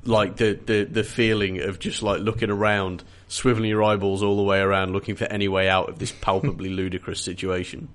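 A man's voice: on the low side, flat delivery, fairly quick, few pauses. A man with a mid-range voice co-hosts a casual book chat. He is sardonic and jokes through mock dialogue, with a bit of swearing. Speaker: podcast co-host.

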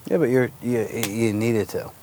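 A man's voice: medium pitch, moderate pace, warm tone, slight background noise. A man hosting a casual chat, encouraging and joking with his guest. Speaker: podcast host. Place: outdoors by a fire.

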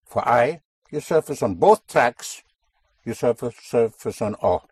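A man teaching a spoken language lesson to a student, explaining slowly and deliberately and repeating key sounds. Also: medium pitch, animated, darkish tone, slightly rough, no echo.

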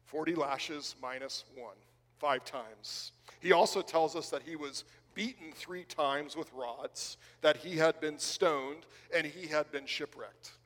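Earnest high-voiced male pastor preaching. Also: takes it slowly, a bit bright, long reverb tail. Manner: earnest, rising and falling, repeats words for stress. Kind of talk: sermon.

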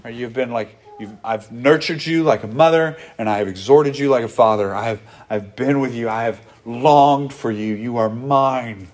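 A man's voice: medium pitch, normal speed, few pauses, a little mellow. A man preaching a sermon to his congregation, earnest and conversational, often acting out what people say. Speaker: pastor.

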